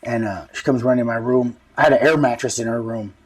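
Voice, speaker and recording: Fast-talking, slangy man. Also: mid-range voice, husky, distant mic. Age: 30s. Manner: profane, slangy, rambling. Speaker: guest. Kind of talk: casual street-talk storytelling.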